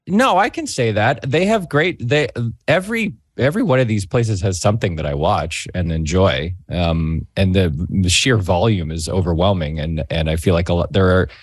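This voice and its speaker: A man's voice: deep voice, expressive, normal speed, dry recording, studio quality. A middle-aged man, a guest on a talk show, telling stories in a rambling, self-interrupting way. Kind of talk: casual chat, storytelling.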